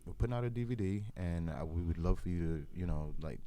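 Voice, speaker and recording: Deep-voiced Brooklyn man in his forties, podcast storyteller, loose and rambling, acts out the people he quotes. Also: animated, fast, dark tone, slight background noise. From Brooklyn, New York. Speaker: podcast cast member. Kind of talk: casual storytelling chat.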